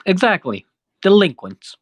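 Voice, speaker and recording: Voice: medium pitch, very animated, a little slow, dry recording, pitched above the performer's own voice. A game master voicing a touchy, proud male security guard who is defensive and indignant. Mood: stubborn.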